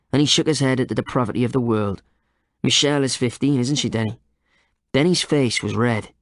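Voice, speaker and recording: A male narrator reads a crime novel at a steady, measured pace. His voice has an ordinary middling pitch and a very dry, close studio sound with no room around it. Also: no room sound. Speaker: audiobook narrator. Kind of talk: scripted narration.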